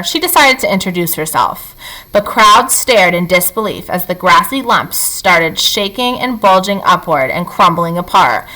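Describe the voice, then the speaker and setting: A woman reading a children's novel aloud in an expressive, animated way. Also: mid-range voice, low-quality recording. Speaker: reader. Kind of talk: read-aloud storytelling.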